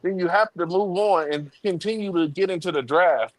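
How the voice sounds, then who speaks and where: A man's voice: sits high, moderate pace, low-quality recording. A man on a sports talk panel, laying out his argument point by point in a casual debate. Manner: argumentative, lays out points step by step. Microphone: remote streaming call.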